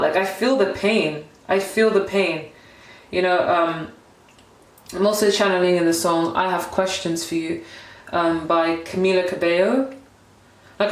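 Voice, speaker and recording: Emotional young woman in a roomy echo. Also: lowish voice. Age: 20s. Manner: emotional, rambling, heavy use of "like". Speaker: tarot reader. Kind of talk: tarot card reading.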